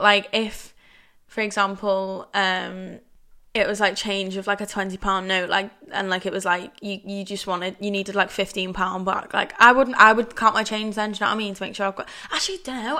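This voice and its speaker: Hosting her own laid-back podcast, this young woman talks in a bright, forceful voice of medium pitch. Her delivery is chatty and meandering, with "like" dropped constantly.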